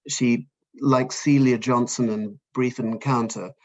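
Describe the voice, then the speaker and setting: An older man from Fiji, an author talking in an interview, hesitant and self-deprecating with many pauses and restarts. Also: medium pitch, fairly even intonation. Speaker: author guest. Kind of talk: conversational interview.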